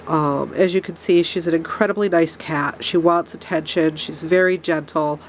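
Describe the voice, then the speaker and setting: A woman's voice: low-pitched, steady tone, moderate pace, a little hiss or hum. A woman with a stuffy nose from a cold, ranting angrily to camera about a problem while her pets are close by. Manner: angry ranting, speaks of her own angry tone. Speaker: rabbit keeper vlogger. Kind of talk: casual talk to camera. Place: rabbit barn with pets nearby.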